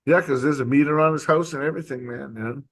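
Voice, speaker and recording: A man hosting a live talk stream in casual chat, telling stories in a profane, animated way. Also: on the high side, fast talker.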